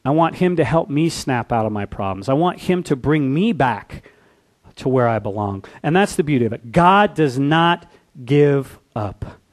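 A man preaching a sermon in a conversational way, asking the congregation questions and briefly acting out the people in the story. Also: medium pitch. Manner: animated, acts out biblical characters in quick asides. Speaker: pastor.

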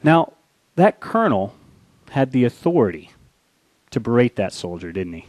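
A male pastor preaching a sermon, telling a war story with dramatic shifts into a quiet, low voice. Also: big pitch swings, normal speed, long pauses, dry recording.

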